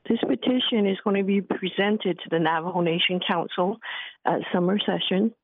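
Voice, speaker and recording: Gravelly-voiced woman on a phone line. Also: lowish voice, no echo. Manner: steady, plain, with many fillers. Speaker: caller, petition organizer. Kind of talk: call-in radio comment. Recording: tinny phone line, dry.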